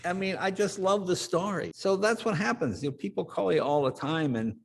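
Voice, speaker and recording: A man's voice: sits high, brisk, creaky. An older man, a guest in an interview, telling anecdotes and acting out the voices of the people in them. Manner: animated anecdote teller, acts out quoted voices. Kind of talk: storytelling interview.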